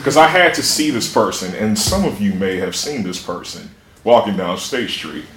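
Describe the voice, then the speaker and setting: A man's voice: on the low side, animated, normal speed, fairly bright tone. A young man telling a profane, self-mocking comic story to a live audience. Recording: echoey room with clear noise.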